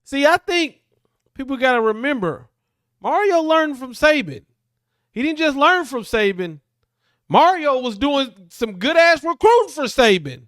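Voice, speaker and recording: High, lively man talking football slang. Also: dry recording, studio quality. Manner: emphatic, slangy, drawn-out repeats. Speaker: podcast host reacting. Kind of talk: casual sports commentary.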